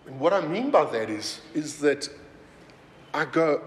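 Man giving a sermon, lively up-and-down voice, slightly high, long church-hall reverb, faint room hum. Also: measured pace. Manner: conversational and animated, with many asides. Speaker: pastor.

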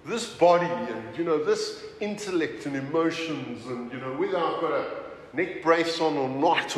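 A man preaching a sermon as pastor, talking in a conversational, animated way with many asides. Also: fairly high pitch, measured pace. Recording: roomy hall reverb, faint ambience.

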